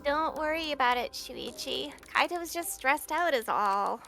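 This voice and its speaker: A man voicing a sleepy young girl magician in a soft, drawling falsetto, with game music behind. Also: animated, normal speed, vocal fry, exaggerated voice. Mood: concerned.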